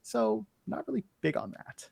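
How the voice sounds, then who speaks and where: Snarky man with a higher voice. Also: very animated, normal speed, creaky, darkish tone, husky, dry recording. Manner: snarky, opinionated, rambles through lists. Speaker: podcast co-host. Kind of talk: casual wrestling chat.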